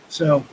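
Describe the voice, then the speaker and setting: A man's voice: darkish tone, a little hiss or hum, low-quality recording. A man in his fifties chatting casually on a live stream, rambling through stories with lots of fillers. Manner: rambling storytelling with frequent fillers. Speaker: vlogger. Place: outdoors by a river.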